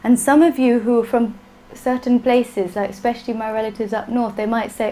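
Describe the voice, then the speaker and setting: A woman's voice: fairly high pitch, level tone, a little fast, mellow, a little hiss or hum, rough recording. A woman teaching a class, patient and playful, often laughing. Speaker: Sanskrit teacher. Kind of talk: classroom lesson.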